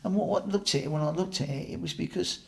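Man, gravelly, higher voice, blunt, animated storyteller, podcast guest. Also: fast. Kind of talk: candid recovery story.

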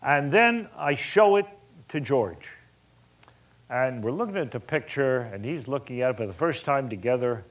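This man is a film director recounting a story for an audience at a moderate pace in a mid-range voice. Colorful and animated, he acts out pieces of the conversation as he goes.

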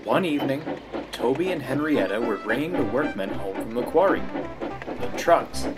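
A man narrating a children's railway story in an expressive storybook style. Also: medium pitch, normal speed. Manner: lively, expressive reading. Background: loud music.

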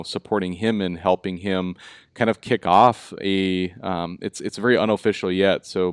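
A man's voice: low-pitched, clear, resonant tone, no echo, clean studio sound. A man with a Minnesota accent hosting a live online talk show, chatty and upbeat, with lots of fillers. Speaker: host. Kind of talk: casual live show chat.

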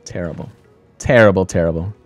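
Casting: deep-voiced male let's-play host, chatty and self-mocking, soft music under him. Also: fairly quick, no echo. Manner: thinking aloud, self-mocking, laughs often. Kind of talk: casual gameplay commentary.

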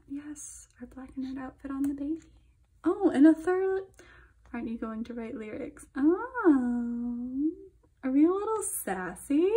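Gushing young woman, husky mellow voice. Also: sits high. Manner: gushing, chatty, drifts into soft whispers. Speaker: K-pop album reviewer. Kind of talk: casual unboxing commentary.

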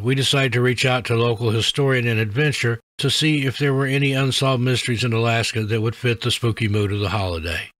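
A man's voice: mid-range voice, no echo. Man narrating eerie tales, dry and close. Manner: measured, even storytelling delivery. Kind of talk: scripted narration of scary stories.

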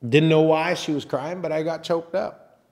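A man preaching a sermon as pastor, talking in a conversational, halting way with restarts and teasing asides. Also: fairly high pitch, steady tone, darkish tone. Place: church sanctuary.

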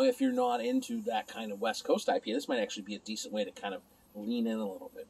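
A man's voice: on the high side, gravelly, darkish tone, slightly rough, rough recording. A man casually reviewing a beer alone at home, rambling and chatting to his viewers and to himself.

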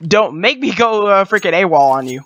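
A channel host giving casual gameplay commentary, excitable and laughing often, with jokey trash talk. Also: mid-range voice, moderate pace.

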